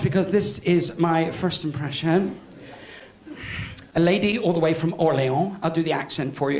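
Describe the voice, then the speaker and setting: A man with a West Country accent doing cheeky live stand-up in a cabaret club, bantering with the audience. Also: sits high. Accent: West Country English. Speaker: stand-up comedian. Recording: echoey club with loud crowd and noise.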